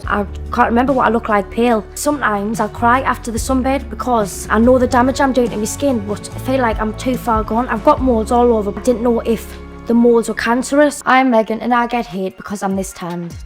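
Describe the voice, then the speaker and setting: Teen girl, documentary interviewee, chatty, candid, voice a bit high. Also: fairly quick, faint music behind. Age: teens.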